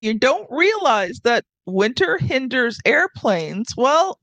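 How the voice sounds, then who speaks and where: A woman hosting a podcast, telling a relaxed, chatty story in casual conversation. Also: high voice, slow, creaky, dry recording, dull audio. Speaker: podcast host.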